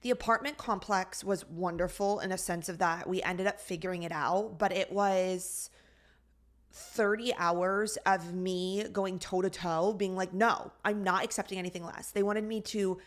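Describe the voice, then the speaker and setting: A woman co-hosting a casual podcast, recounting a frustrating day in an animated, exasperated voice. Her pitch sits mid-range for a woman. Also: measured pace. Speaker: podcast co-host. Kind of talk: casual storytelling chat.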